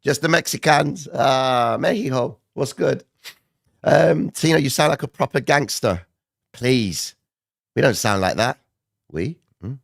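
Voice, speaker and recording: A man talks through markets on a live stream in a loose, chatty way and keeps checking in with his viewers. His voice sits in a middle pitch with a gravelly rasp that he admits is not his normal sound. The sound is dry and close. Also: measured pace, fairly bright tone, no echo. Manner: chatty, addresses viewers directly, frequent "okay?" and "right?". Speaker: livestream market commentator. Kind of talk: casual live market commentary.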